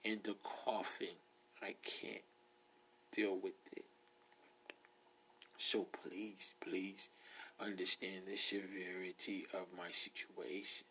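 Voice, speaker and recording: A man putting on the voice of a frail old man calling a pharmacy, soft and whispery, slowly pleading and polite. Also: low voice, level tone, a little hiss or hum, heavily acted, poor audio.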